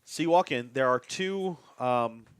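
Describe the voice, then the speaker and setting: A man acting as game master, narrating a tabletop game in a loose, halting way. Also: medium pitch, lively intonation, clear, resonant tone. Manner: loose, halting, with many fillers and restarts.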